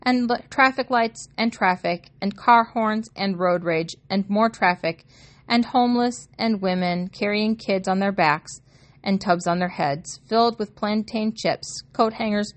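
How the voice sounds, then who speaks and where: A woman's voice: medium pitch, measured pace. Woman audiobook narrator, wry and conversational, first-person telling.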